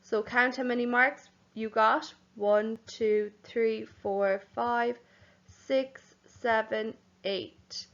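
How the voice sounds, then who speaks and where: A young woman teaches young children at an easy, unhurried pace, spelling each word out letter by letter. Her voice sits fairly high, and the recording is a bit dull and lo-fi. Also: steady tone. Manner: slow and clear, spelling words out letter by letter; gently addresses children as boys and girls. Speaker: primary school teacher. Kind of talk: home learning lesson for young children.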